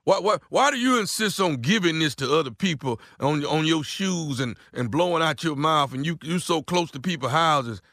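Brief: a man putting on a nosy older neighbor on a prank call, high bright voice, blunt and stubborn, dry close sound. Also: animated, normal speed, few pauses, no echo. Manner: blunt, insistent, stammering repeats. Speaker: prank caller, radio show regular. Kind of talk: prank phone call role-play.

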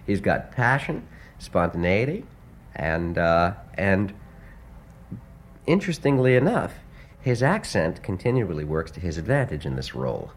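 A man, a composer being interviewed, speaking earnestly in a hesitant way with many pauses and restarts. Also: low voice, sing-song. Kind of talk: casual interview talk.

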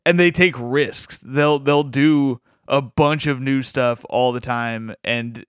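A man's voice: medium pitch, steady tone, slow pace, smooth, dry recording, studio quality. A man co-hosting a podcast, talking casually and enthusiastically, rambling with frequent restarts. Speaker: podcast co-host.

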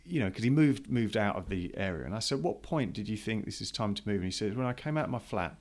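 A man's voice: on the low side, lively intonation, darkish tone. A man chatting casually, telling a story in an easygoing way. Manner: easygoing storyteller, quick agreeing backchannels. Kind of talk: casual chat.

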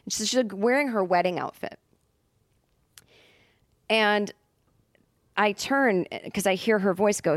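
A woman's voice: mid-range voice, normal speed, long pauses, no room sound, clean studio sound. A woman comedian telling a story as a podcast guest, casual and rambling, full of fillers and restarts. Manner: rambling, many fillers and self-corrections.

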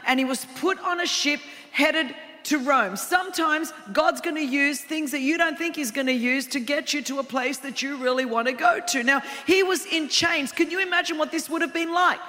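A woman preaching a sermon, telling a story with humorous, animated asides. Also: high voice, moderate pace. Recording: long hall reverb.

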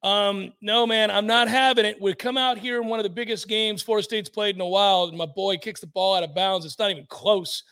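A man's voice: high voice, a little fast, hardly any pauses, clear, resonant tone. A man co-hosting a casual sports talk show from home, joking and ranting with exasperation. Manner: joking, animated, rants with exasperation. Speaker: sports podcast co-host. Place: home, by a fire at night.

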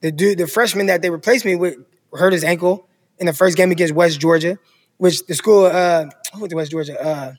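This podcast guest, a thirty-something ex-football player from Stockton, California, spins a casual, animated yarn about his football days, putting on the voices of his coaches and others. He speaks a little fast in a high-pitched voice, and a long reverb tail trails behind him.

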